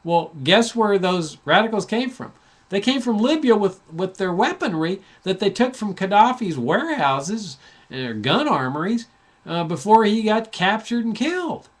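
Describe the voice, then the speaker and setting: A man's voice: sits high, sing-song, normal speed. A man hosting a talk show, giving a passionate, sarcastic political commentary monologue with frequent restarts. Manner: impassioned, sarcastic, full of restarts.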